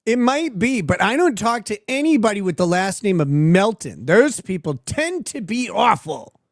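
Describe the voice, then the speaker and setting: Sarcastic guy hosting a stream, laughs at his own jokes, slightly high voice, dead dry mic. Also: sing-song, moderate pace, vocal fry, dry recording. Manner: sardonic, crude joking, laughs often. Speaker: livestream host. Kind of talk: casual livestream commentary.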